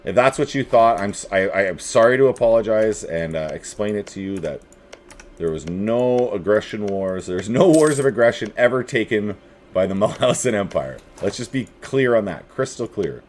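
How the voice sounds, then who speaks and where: A man's voice: fairly low pitch, lively intonation, moderate pace, darkish tone, slight background noise. A man giving casual, wry running commentary while playing a strategy game, joking to himself as he goes.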